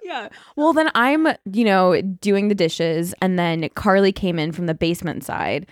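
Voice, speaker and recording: A woman's voice: mid-range voice, a little slow, no echo, clean studio sound. A young woman co-hosting a podcast, rambling through a story in casual chat, full of fillers and swearing. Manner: rambling, filler-heavy retelling, swears freely. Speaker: podcast co-host.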